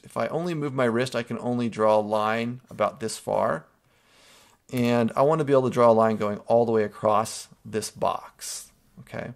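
A man with a gravelly, creaky edge to his voice, pitched at an ordinary middle height for a man. He talks a class through a drawing exercise one step at a time, stopping often to check in with an "okay?". It sounds like a teacher's screen-recorded tutorial. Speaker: art teacher.

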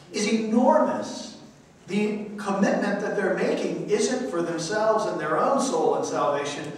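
Priest lecturing a church class, echoey hall. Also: male voice, high voice, a little hiss or hum. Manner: reads quotes aloud, asks the class questions. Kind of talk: church adult-education lecture. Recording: echoey hall, mic far off.

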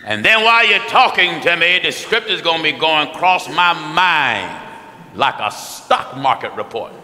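An American man preaching a sermon in a large hall, his voice bright and ringing, with long reverb trailing each phrase. He talks in a folksy, animated way and swings his pitch widely. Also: normal speed. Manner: animated, folksy, mimics people with shouts and laughs. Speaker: pastor.

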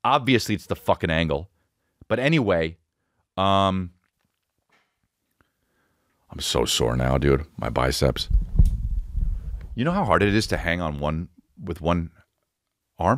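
A rambling, profane comedian in his forties hosts his own podcast. His voice sits low and deep, and he mocks himself freely. The studio mic sounds dry and close. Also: expressive, moderate pace, long pauses, no room sound. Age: 40s. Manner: rambling, profane, self-mocking. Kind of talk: casual comedic monologue.

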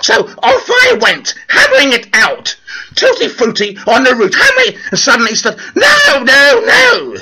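A man's voice: very high voice, wildly swooping pitch, normal speed, creaky, bright, forceful tone, rough recording. A man delivering a theatrical comic monologue as an actor vlogger, over-the-top and sing-song, laughing as he talks. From London.

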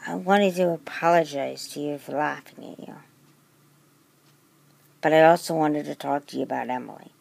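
A woman plays a kind teen girl who tries to smooth things over between friends, coaxing and gentle, with a gravelly edge. The sound is close and dry. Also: deep voice, normal speed, long pauses, dry recording, heavily acted.

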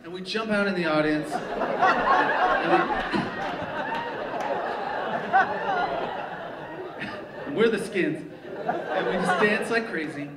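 Male storyteller, higher voice, animated and profane, live theater with a noisy audience behind him. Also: extremely slow, long pauses, over a noisy crowd. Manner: animated, profane, laughing at his own story. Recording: echoey live theater sound, mic from a distance. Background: audience laughter and room ambience.

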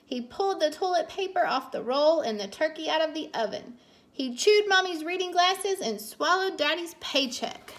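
Reading a picture book aloud at bedtime, a woman teacher uses a high voice at normal speed. Her delivery is warm and expressive, with distinct voices for each character.

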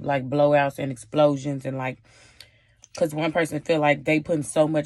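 A woman's voice: deep voice, a little mellow, no room sound. Chatty sassy woman in her twenties. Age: 20s. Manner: chatty, sassy, talks straight to viewers with slang. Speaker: vlogger. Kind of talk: casual advice vlog.

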